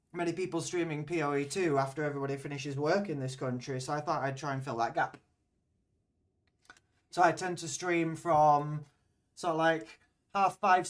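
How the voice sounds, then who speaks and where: This Yorkshireman's voice sits on the high side and sounds a bit bright, recorded from a distance. Playing a game on a live stream, he rambles chattily with viewers in his mild Yorkshire English, responding to chat between plays.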